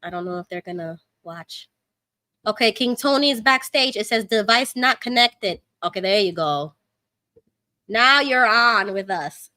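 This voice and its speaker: A woman in her thirties with a New York Puerto Rican accent, hosting a casual livestream from home, chatty and quick to laugh as she reads comments aloud. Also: mid-range voice, lively intonation, pushed and bright, no room sound, clean studio sound. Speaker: livestream host.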